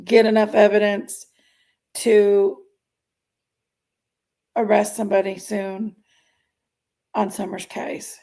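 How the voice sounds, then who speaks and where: A woman's voice: medium pitch, level tone, slow, creaky, pauses often, warm tone. A woman hosting a casual livestream, chatting and greeting viewers by name as she reads their comments. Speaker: livestream host reading chat.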